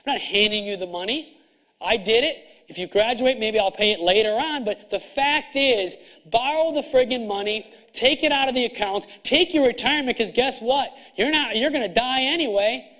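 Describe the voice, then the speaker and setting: Blunt, hard-driving man with a high voice. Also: fairly bright tone, lo-fi sound. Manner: blunt, hard-driving, preachy with rapid rhetorical questions. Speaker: chiropractor coaching other chiropractors. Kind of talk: seminar speech to an audience.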